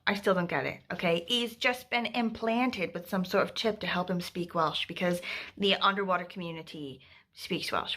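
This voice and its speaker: A woman's voice: fairly low pitch, fairly bright tone. A woman book vlogger chatting casually about books. She is sarcastic and swears freely, with lots of "like" and "you know". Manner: amused and sarcastic. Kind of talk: casual book review chat.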